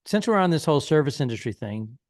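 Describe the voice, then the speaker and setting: This comedy podcast co-host rattles through a long, rambling tale in relaxed chat, impersonating the people he quotes. He talks fast, with big pitch swings in a medium-pitched, darkish voice. The sound is clean studio audio with no echo.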